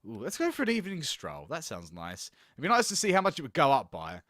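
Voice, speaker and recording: A young man talks through a game session, animated and foul-mouthed. His voice sits a bit high, bright and sharp, jumping all over in pitch. The sound is close and dry. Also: fast, no room sound. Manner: animated, swearing, laughing often. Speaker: gaming channel host. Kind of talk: let's play commentary.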